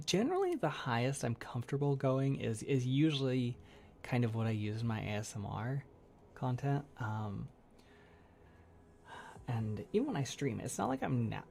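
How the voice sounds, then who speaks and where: Soft-spoken gravelly man chatting on stream. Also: medium pitch, slight background noise. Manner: soft-spoken, rambling, laughs often. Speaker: ASMR creator hosting a livestream. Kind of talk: casual livestream chat.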